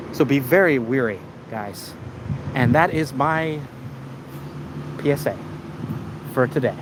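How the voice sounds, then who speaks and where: Casual male streamer, rambling and halting, slightly high pitch; noisy outdoor traffic backdrop. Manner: rambling, stumbling restarts and repeats. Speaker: live streamer. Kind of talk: casual storytelling to a live chat.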